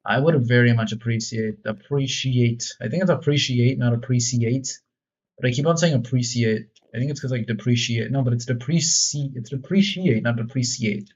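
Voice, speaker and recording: Man, mid-pitched, casual gaming commentary with a self-mocking, rambling delivery; slightly muffled, lo-fi recording. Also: fairly quick, hardly any pauses, breathy edge. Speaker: gaming video creator.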